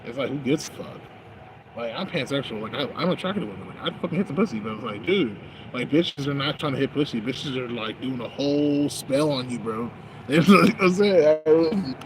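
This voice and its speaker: Man, casual monologue outdoors: meandering, profane, slangy, mid-pitched, over clear street and traffic noise. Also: expressive, fairly quick. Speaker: vlogger. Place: outdoors at night on a smoke break.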